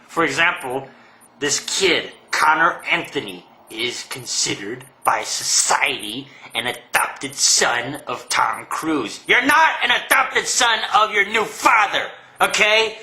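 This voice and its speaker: High, sharp-voiced man on a sarcastic rant. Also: reverberant, low-quality recording. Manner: sarcastic, profane ranting. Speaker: comedian. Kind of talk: comedic rant monologue.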